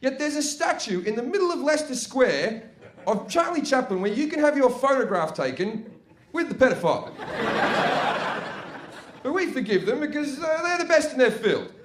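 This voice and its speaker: Brash high-voiced Australian comic, echoey room. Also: male voice, big pitch swings, moderate pace. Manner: brash, profane, chatty with tag questions. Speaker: stand-up comedian. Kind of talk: stand-up comedy set. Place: live comedy venue on stage. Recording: echoey noisy live room.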